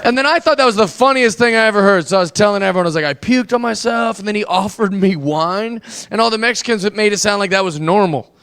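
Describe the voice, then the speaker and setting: On a comedy club stage, a stand-up comedian brashly tells profane stories and acts out the people in them with quoted voices. His voice sits high, fast, fairly bright and clean, and the live club recording carries audience noise and laughter.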